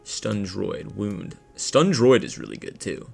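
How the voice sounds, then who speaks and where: A man's voice: on the low side, big pitch swings, slow pace, gravelly, a little mellow, soft background music. A young man giving casual, rambling let's-play commentary with slang and jokes. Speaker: gameplay commentator.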